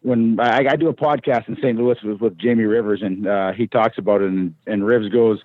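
A man, a former hockey enforcer, tells stories in a relaxed, rambling way, often restarting his sentences. His voice comes through a thin, phone-like line. The sound is dry and close, with no room around it. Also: fairly low pitch, brisk, dry recording. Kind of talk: casual storytelling.

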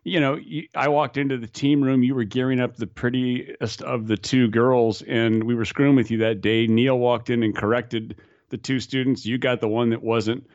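A man's voice: mid-range voice, steady tone, moderate pace, darkish tone, no room sound. Brief: male skydiving instructor spinning yarns, rambling, stumbles over repeats, muffled and dry. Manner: rambling, repeats words, laughs at own stories. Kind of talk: casual storytelling chat. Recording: slightly dull, dry recording.

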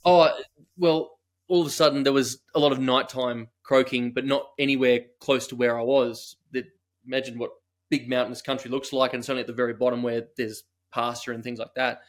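A man's voice: medium pitch, fairly even intonation, a little fast. Rambling Australian man telling a story. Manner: rambling, self-deprecating. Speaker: guest hunter. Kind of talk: casual storytelling.

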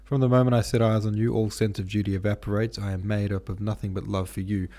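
A man's voice: on the low side, level tone, fast, dark tone, lightly acted. A man voicing a devout woman torn between faith and love, speaking earnestly and pleadingly in an audiobook reading. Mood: impassioned.

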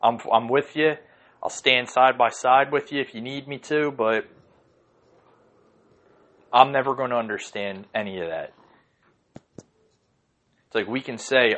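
A man's voice: mid-range voice, a little slow, long pauses, fairly bright tone. A man hosting a podcast from home, ranting casually and heatedly, swearing often and rambling through lots of fillers. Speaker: podcast host. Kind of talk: casual rant.

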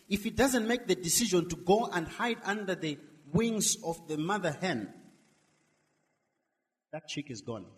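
A middle-aged male minister preaching a sermon, swinging between loud emphatic lines and soft drawn-out words. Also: sits high, lively intonation, big-room sound.

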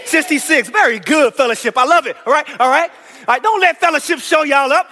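In an echoey church hall, a man with an extremely high-pitched, bright, forceful voice teaches a Bible class, talking a little fast. He preaches with enthusiasm, eagerly coaxing the congregation to call out answers aloud.

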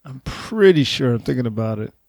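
A man's voice: mid-range voice, lively intonation, brisk, vocal fry, a little mellow, no echo, studio quality. A man in a casual, laughing conversation about old music, reminiscing as he talks.

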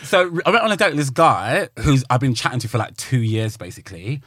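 A man's voice: mid-range voice, sing-song, a little fast, a bit bright, no echo, clean studio sound. Chatty man telling dating stories. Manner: chatty storyteller who acts out other people's lines. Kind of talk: casual chat.

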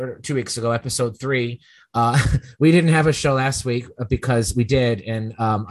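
A man's voice: medium pitch, no room sound. A man hosting a casual podcast, telling stories in a rambling way and often correcting himself as he goes. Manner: rambling, self-correcting storyteller. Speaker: podcast host.

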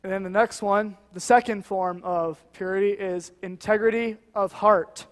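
Guest preacher, man, high voice, earnest and chatty, church with a long echo. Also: steady tone, moderate pace. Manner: earnest, conversational, many "you know" asides. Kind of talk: sermon.

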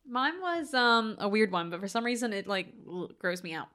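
Woman co-host, bright and sharp voice, expressive casual film chat. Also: medium pitch, moderate pace. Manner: animated, expressive, groans and laughs. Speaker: podcast co-host. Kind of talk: casual movie review chat.

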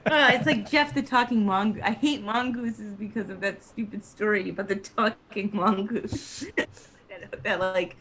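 A woman's voice: medium pitch, a little slow, a bit bright, a little hiss or hum. A woman co-hosting a podcast, rambling casually with lots of fillers, laughs and swearing. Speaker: podcast co-host. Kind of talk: casual chat recapping a TV show.

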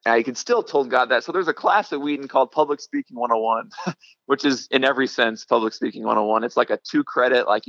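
A young man recounts his past in a casual interview. He talks haltingly, full of "um"s and restarts, and laughs now and then. The audio is dry and a little muffled. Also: medium pitch, a bit bright, no echo. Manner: halting, many fillers and restarts, laughs often. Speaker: middle school ministry director, guest.

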